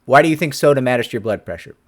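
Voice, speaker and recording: A man voicing a puzzled doctor who questions a patient in disbelief, his pitch pushed up well above his own. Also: animated, rapid-fire, natural voice. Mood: incredulous. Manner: incredulous questioning, raised pitch. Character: puzzled male doctor, exasperated, incredulous.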